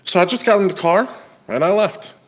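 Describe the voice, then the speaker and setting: A man's voice: high-pitched, fairly quick. A young man and podcast host telling a story in a casual chat, acting out the people he quotes. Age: young adult. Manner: animated storyteller, acts out quoted voices.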